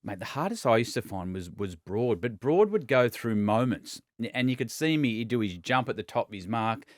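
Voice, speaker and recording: Aussie guy in his 40s, easy chatty mateship, middle pitch, dry close recording. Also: normal speed, no room sound. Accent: Australian. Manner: says "mate" a lot, restarts, animated storytelling. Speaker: co-host, former Australian wicketkeeper. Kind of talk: casual podcast chat.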